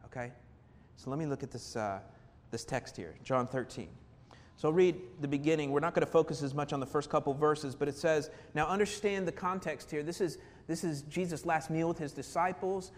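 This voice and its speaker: Male pastor, a touch high-pitched, earnest sermon delivery, long hall echo. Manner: earnest, building emphasis with repetition and rhetorical questions. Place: church sanctuary. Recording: reverberant hall with faint rumble.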